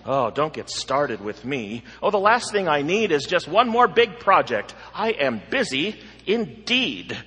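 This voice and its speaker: A man voicing a frantic, overbooked man who talks in a hurried, flustered way. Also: on the high side, sing-song, sharp tone, husky, exaggerated voice. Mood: harried. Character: frantic busy man rushing through chores. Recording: long hall reverb.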